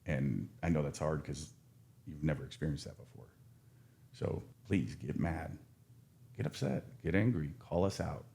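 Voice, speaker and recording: Earnest low-voiced male counselor. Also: normal speed, vocal fry, dark tone. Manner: earnest, frank, with many restarts and casual swearing. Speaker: addiction counselor. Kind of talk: casual podcast conversation.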